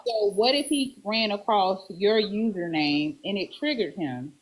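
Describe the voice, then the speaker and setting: A woman's voice: mid-range voice, unhurried, poor audio. Direct questioning woman in a chat. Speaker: live stream participant. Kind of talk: casual group chat.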